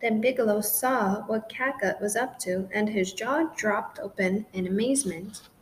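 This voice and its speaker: Woman gently reading a children's story. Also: medium pitch, unhurried, a little hiss or hum, rough recording. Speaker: storybook narrator. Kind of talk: scripted children's story narration.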